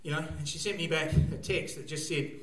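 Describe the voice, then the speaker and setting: A stand-up comedian with a fairly high voice and fairly even intonation speaks quite quickly through a rambling, crude set. He laughs at his own jokes before a live crowd at a comedy gig venue, and the room sounds echoey.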